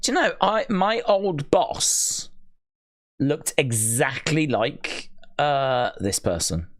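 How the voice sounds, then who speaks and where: A man's voice: a little high, very animated, takes it slowly. A man hosting a live stream, chatting casually with viewers, musing aloud with dry, rambling asides.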